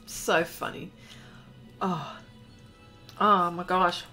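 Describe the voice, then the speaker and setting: A woman's voice: on the low side, steady tone, very slow, sharp tone, faint music behind. A woman chatting casually on a live art stream, reading viewer comments aloud and exclaiming often.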